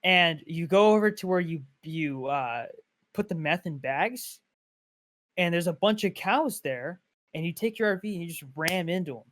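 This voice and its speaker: A man co-hosting a casual podcast, telling stories in an excited, animated way. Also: fairly high pitch, normal speed. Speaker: podcast co-host. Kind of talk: casual chat.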